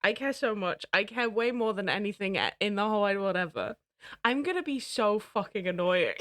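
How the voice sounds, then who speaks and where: A woman streamer chatting casually to her viewers, excitable and giggly. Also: medium pitch, normal speed, dry recording, clean studio sound. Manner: excitable, giggly, talks to chat. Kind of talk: casual live-stream chat.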